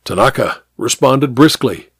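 Expressive male audiobook narrator. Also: mid-range voice, a little slow, gravelly, breathy edge, dry recording, studio quality. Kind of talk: audiobook reading of a mystery story.

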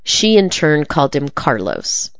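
A woman reading a magazine interview aloud in a measured, even delivery. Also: low voice, dry recording, highs cut off. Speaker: article reader.

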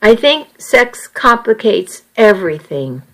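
A woman's voice: a little high, very animated, slow, fairly bright tone, full character voice, rough recording. A woman voicing an earnest, worried seventeen-year-old boy in an audiobook reading. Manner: earnest and uneasy, reasoning things through.

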